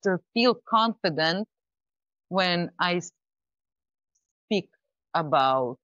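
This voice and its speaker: Unhurried woman, slightly muffled audio. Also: on the low side, animated, a bit bright, no echo. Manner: thoughtful, halting, restarts mid-phrase. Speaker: startup founder, guest. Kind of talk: casual interview talk.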